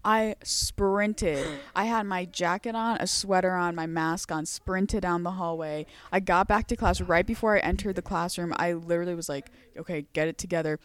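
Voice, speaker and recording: A woman's voice: lowish voice, moderate pace, hardly any pauses, no room sound. A teenage girl hosting a podcast, chatting casually and acting out the lines of people in her stories. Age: teens. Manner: animated storytelling, acts out quotes. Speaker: podcast host. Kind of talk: casual chat.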